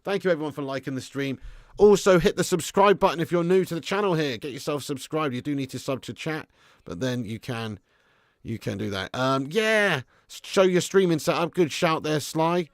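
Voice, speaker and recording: Laddish streamer, dry close mic. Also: male voice, on the high side, moderate pace, dry recording. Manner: laddish banter, swears freely, calls viewers mate. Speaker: live stream host. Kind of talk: casual live-stream chat reading viewer comments. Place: home garage studio.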